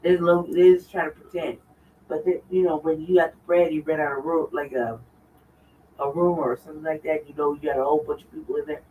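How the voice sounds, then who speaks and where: A woman's voice: sits low, fairly even intonation, brisk, far from the mic, phone-quality sound, a little hiss or hum. A woman with a Southern accent, chatting rambling and repetitive on a livestream. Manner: rambling, repeats herself. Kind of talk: casual livestream chat. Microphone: far from the mic.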